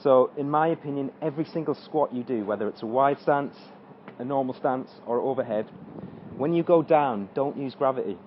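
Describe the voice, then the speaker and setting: A man's voice: mid-range voice, moderate pace, lo-fi sound, a little hiss or hum. A man coaching an exercise tutorial, talking through squats as he demonstrates them and straining during the reps. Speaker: fitness coach.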